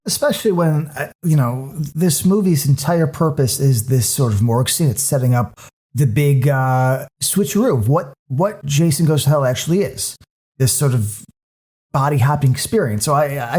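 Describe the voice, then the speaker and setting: A man co-hosting a podcast in casual chat, ranting in an animated way with many restarts. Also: on the high side. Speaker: podcast co-host.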